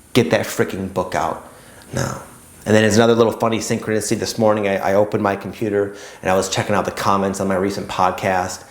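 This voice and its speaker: Low-voiced man in an echoey room. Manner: rambling, full of "like" and "kind of". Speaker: spiritual YouTube host. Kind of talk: casual spiritual talk to camera.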